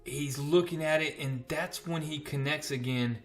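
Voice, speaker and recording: A man's voice: fairly high pitch, fairly even intonation, normal speed, faint music behind. A man recapping and reviewing a comic book in a casual, enthusiastic, chatty vlog.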